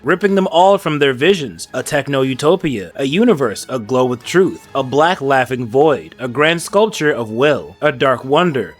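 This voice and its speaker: A man narrating a comic book recap with excited, hyped commentary and dramatic story readings. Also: fairly high pitch.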